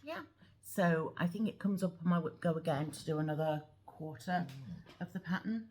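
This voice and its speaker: Chatty low-voiced woman vlogger. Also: moderate pace, a little mellow, a little hiss or hum. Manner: chatty, rambling, many ums. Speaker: cross-stitch vlogger. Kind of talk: casual show-and-tell chat. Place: at home.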